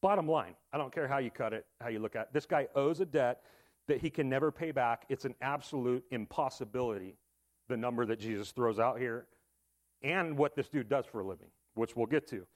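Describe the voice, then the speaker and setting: A man's voice: mid-range voice, fairly quick. A man preaching a sermon in a casual, conversational way, with asides and rhetorical questions. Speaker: pastor.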